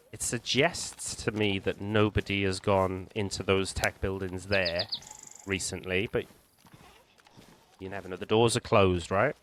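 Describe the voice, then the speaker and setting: Low-ish guy doing calm game walkthrough commentary, explains stuff, bit of faint hiss behind. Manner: calm, explanatory, hedging with restarts. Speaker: gaming channel host.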